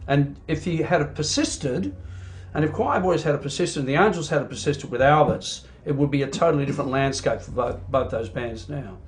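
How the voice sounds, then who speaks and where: A middle-aged Australian man, a rock singer, chatting in an interview as an animated storyteller who fills his talk with "you know". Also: fairly high pitch, normal speed, faint music behind. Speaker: singer and band frontman. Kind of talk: casual interview chat.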